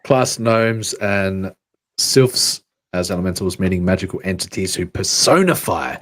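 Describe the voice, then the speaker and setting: A man's voice: sits low, expressive, unhurried, fairly bright tone. A man co-hosting a podcast, rambling and thinking aloud in casual chat, swearing now and then. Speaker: podcast co-host.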